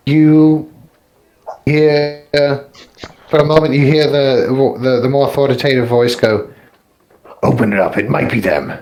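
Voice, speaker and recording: A man's voice: medium pitch, darkish tone, poor audio. A man narrating as dungeon master, describing scenes in a rambling, self-correcting way. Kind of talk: narrating a tabletop game.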